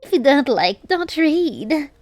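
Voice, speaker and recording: A woman's voice: high-pitched, big pitch swings, takes it slowly, a little mellow, no echo, soft background music. A young adult woman streamer reading a fanfic aloud, with giggly, teasing asides. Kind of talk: casual stream reading and commentary.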